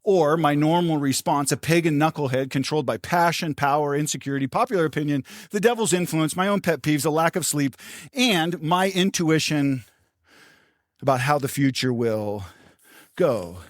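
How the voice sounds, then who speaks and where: Animated older male pastor preaching. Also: a little high, moderate pace, no room sound, studio quality. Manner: animated storytelling, acts out quoted voices. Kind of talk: sermon.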